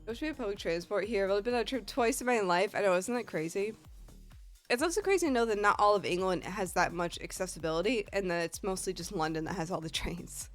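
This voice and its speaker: A woman's voice: mid-range voice, animated, quick pace, soft background music. A woman with a Northeast American accent, a streamer telling a rambling, profane story in casual chat. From Northeast United States.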